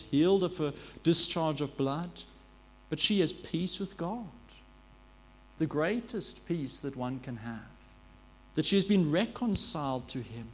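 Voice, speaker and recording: A man preaching a sermon in an earnest manner, asking rhetorical questions and sometimes correcting himself as he goes. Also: on the high side.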